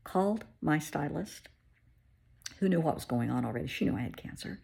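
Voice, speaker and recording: Low, gravelly, husky woman telling a story. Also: animated, normal speed, warm tone. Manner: candid, emotional, conversational retelling. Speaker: therapist. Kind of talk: personal storytelling vlog.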